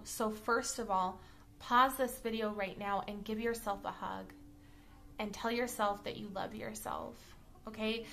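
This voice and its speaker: A woman reads tarot cards in a casual, chatty way. Her voice is bright and fairly high, and she keeps checking in with quick "okay?" asides. She talks bluntly and now and then lets a swear word slip. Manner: chatty, checks in often with "okay?" and "all right?". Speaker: tarot reader. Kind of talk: casual tarot card reading to camera.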